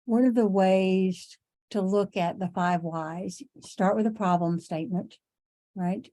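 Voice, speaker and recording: A middle-aged woman teaching an online class in a conversational way, repeating herself for emphasis and clearing her throat as she loses her voice. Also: medium pitch, takes it slowly, warm tone. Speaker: instructor.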